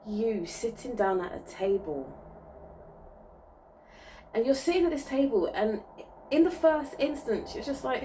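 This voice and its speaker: A woman's voice: fairly high pitch, expressive, measured pace, mellow, far from the mic, slight background noise, poor audio. A woman giving a spiritual reading to viewers in a soothing, reassuring way, often checking in with "okay?". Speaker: spiritual reader.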